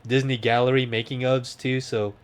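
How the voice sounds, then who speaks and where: A man's voice: medium pitch, little pitch movement, normal speed, clean tone. Easygoing man chatting about shows. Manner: rambling, laughs often, breaks into movie quotes. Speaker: podcast co-host. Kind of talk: casual chat.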